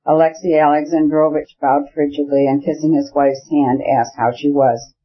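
A man narrating a classic novel in an audiobook, with a measured, even reading. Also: a little high. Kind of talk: scripted narration. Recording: dull lo-fi audiobook recording.

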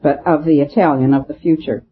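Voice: mid-range voice, fairly even intonation, a little fast, lightly acted. A reader voicing a grave, boastful Italian courier. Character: ambitious Italian male courier in tweeds. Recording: tinny phone-like audio.

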